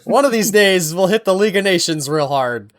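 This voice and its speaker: A man with an unusually high voice banters on a casual podcast. He makes wry, sarcastic asides while chatting. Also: lively intonation, brisk, fairly bright tone. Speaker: podcast co-host.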